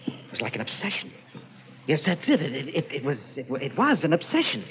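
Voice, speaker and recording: Haunted husband: a stammering, unstable man, animated, dull old radio sound. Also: fairly high pitch, a little hiss or hum, exaggerated voice. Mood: troubled. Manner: halting, stammering, swinging to frantic. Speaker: lead in radio drama. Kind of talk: 1940s radio acting.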